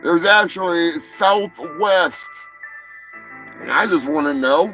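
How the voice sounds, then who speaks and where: A man hosting a live show, chatting casually, joking crudely, swearing and shouting now and then. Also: on the high side, takes it slowly, low-quality recording. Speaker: host. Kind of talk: casual live-stream chat. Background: music playing.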